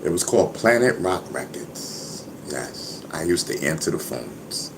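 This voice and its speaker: A man's voice: sits low, very animated, unhurried, creaky, noisy background. A man talking casually to his viewers, boastful and laughing, who keeps saying "you know what I mean". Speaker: vlogger.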